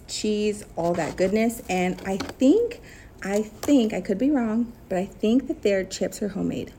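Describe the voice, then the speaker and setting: A woman's voice: mid-range voice, mellow. Young woman, bubbly teacher vlogger, chatty delivery, faint hiss under the phone audio. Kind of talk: casual chat to camera.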